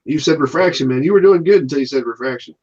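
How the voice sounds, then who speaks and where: A man's voice: a little high, fast, darkish tone, slightly rough. A man runs a loose online game with friends, teasing them and calling the rules. His voice comes through a dull, lo-fi voice chat. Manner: teasing, laughing, bossy referee. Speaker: host running a debunking game. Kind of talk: casual profane group chat.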